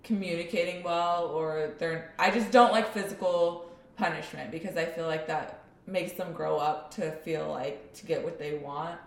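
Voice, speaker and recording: A woman's voice: sits low, steady tone, moderate pace, reverberant. A young woman co-hosting a podcast who tells stories with animation and acts out her son's voice. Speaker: podcast co-host. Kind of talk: casual chat.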